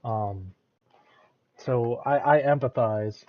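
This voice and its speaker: A man's voice: medium pitch, slow, phone-quality sound. An American man giving casual reaction commentary, often restarting and repeating words as he thinks aloud. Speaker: reaction streamer.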